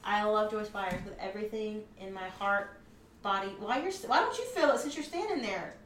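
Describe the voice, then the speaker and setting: A woman's voice: mid-range voice, moderate pace. A young woman co-hosting a casual home podcast, gushing and swearing as she repeats herself. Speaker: podcast co-host. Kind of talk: casual chat. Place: home room. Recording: echoey room, mic far off, faint background hiss.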